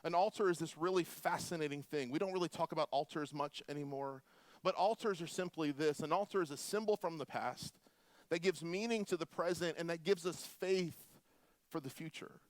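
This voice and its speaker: Male pastor, 40s, from Florida; slightly high, storytelling sermon, dry mic. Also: brisk, no room sound. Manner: animated, humorous storytelling with quiet prayer.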